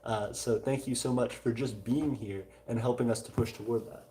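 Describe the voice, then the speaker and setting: A young man in his twenties from South Louisiana with a mellow, dark-toned voice, co-hosting a casual livestream. He reads chat aloud and answers in a halting way, full of filler pauses. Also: medium pitch, fairly even intonation, a little hiss or hum. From South Louisiana, USA. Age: 20s. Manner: hesitant, frequent filler pauses while reading chat. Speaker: livestream co-host.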